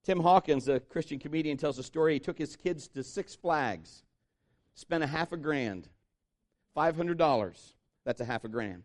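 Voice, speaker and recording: Animated joking male preacher. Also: on the high side, normal speed. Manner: animated, jokey storytelling with shouted impressions. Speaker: pastor. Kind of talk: sermon.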